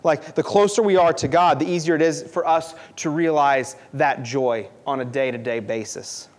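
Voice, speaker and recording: Young male preacher with a high voice, earnest and conversational, repeats points for emphasis. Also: fairly even intonation, normal speed. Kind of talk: sermon.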